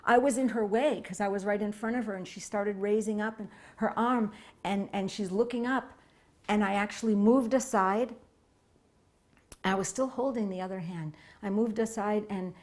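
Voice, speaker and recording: A woman's voice: mid-range voice, a little mellow. Earnest woman recalling a memory. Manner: earnest, reflective storytelling. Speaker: devotee sharing memories. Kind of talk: personal recollection interview.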